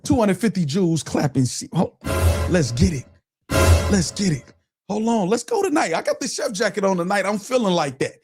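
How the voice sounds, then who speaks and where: Over music, a streamer on his own platform delivers an angry, profane livestream rant, mocking his listeners and repeating phrases again and again. His voice sits high and expressive, at a moderate pace.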